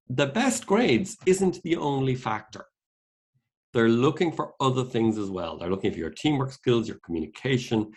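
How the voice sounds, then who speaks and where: A man's voice: mid-range voice, expressive, moderate pace, darkish tone. A middle-aged Irish man, a career consultant giving a workshop talk over a video call, earnest and repeating key points for emphasis. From Ireland.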